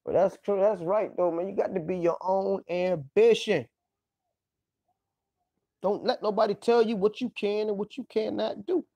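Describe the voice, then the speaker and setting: A man's voice: high-pitched, steady tone, normal speed, gravelly, dark tone, no echo. A man hosting a livestream, rambling loosely through a profane casual monologue, exclaiming often and breaking into laughs. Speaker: livestream host.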